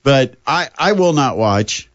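A man's voice: medium pitch, animated, takes it slowly, dry recording, muffled recording. An older man hosting a sports radio show, chatting casually in a rambling, self-deprecating way.

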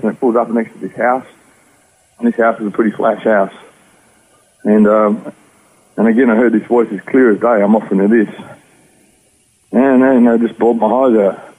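With a medium-pitched voice carrying a breathy edge, an Australian man shares his life story as personal testimony in an interview. He's earnest and rambles, and the recording has a tinny, phone-like radio quality.

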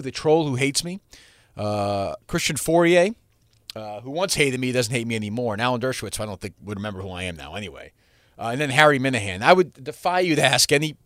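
A man hosts his own podcast in a loose solo monologue, circling back and restarting his sentences. He is blunt and occasionally profane. The sound is dry and close, with a middle-pitched voice. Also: dry recording. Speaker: podcast host.

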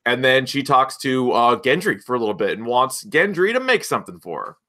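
A man co-hosting a casual chat recapping a TV episode, animated and jumping between points. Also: medium pitch. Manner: animated, jumps between points, quotes scenes in quick asides. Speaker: podcast co-host.

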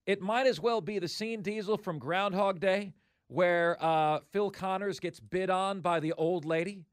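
At a measured pace, a man with a notably high speaking voice argues his views on sports talk radio, forceful and opinionated, restating points to press them home. The recording is close and dry, without any room sound.

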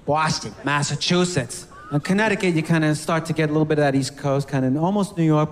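High-voiced comedian riffing on accents. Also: male voice, long reverb tail. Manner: playful, halting, laughing between lines. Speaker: stand-up comedian. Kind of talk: stand-up comedy bit on regional accents.

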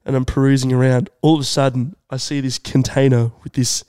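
A young man telling a comedic story on a podcast in an animated, drawn-out way. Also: medium pitch, clean tone, no echo. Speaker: podcast co-host.

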